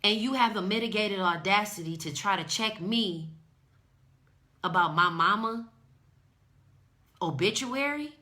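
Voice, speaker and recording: A woman's voice: medium pitch, lively intonation, unhurried, long pauses, sharp tone. A woman hosting a podcast, delivering an impassioned, preachy monologue with indignant emphasis. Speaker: podcast host.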